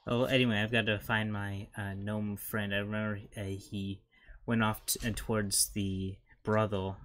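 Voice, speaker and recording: A man's voice: lowish voice, flat delivery, normal speed, fairly bright tone. A man playing a character in a tabletop game, talking hesitantly with stumbles. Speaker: player. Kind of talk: tabletop role-play in character.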